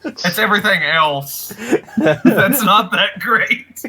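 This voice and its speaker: A player in a tabletop game who laughs and protests loudly at the others. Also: medium pitch, expressive, takes it slowly, slight background noise, poor audio. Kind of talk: casual tabletop game play.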